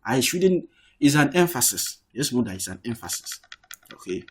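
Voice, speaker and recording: Um professor de árabe numa aula online, que explica com paciência, repete as palavras e diz "okay" com frequência. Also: male voice, medium pitch, very animated, moderate pace, slight background noise. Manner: explains patiently, repeats words, says "okay" often. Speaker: Arabic teacher. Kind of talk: online language lesson.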